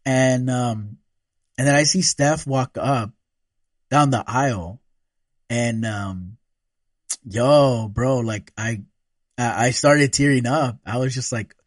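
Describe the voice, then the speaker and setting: A man's voice: mid-range voice, slow, long pauses, dry recording, studio quality. A man telling a personal story in casual chat. He swears a lot and laughs often. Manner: relaxed, profane, laughs often.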